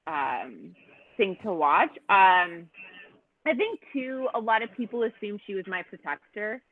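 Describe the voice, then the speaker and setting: Woman, casual podcast guest, animated storytelling, filler words, tinny phone-like audio. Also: on the low side. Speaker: guest contestant.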